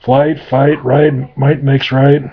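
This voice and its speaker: A man's voice: medium pitch, flat delivery, slow pace, breathy edge. A manic male demon merchant who rattles off rhymes and nonsense without stopping, as a man puts him on. His crude patter tumbles along in a mid-range voice. The sound is dull and lo-fi. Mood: babbling. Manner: nonstop rhyming babble.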